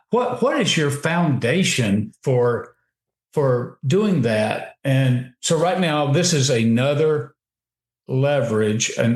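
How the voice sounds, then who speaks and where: A man giving emphatic, opinionated commentary on a radio talk show, often restarting his sentences. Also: medium pitch. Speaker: guest commentator. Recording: roomy echo.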